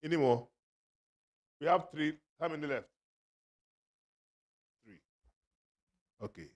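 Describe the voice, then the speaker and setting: A man's voice: a little high, animated, takes it slowly. A man works the room as an auctioneer at a book launch, joking and teasing people who come forward to buy. His talk is full of playful asides and bursts of laughter. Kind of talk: lively fundraising banter. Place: event hall.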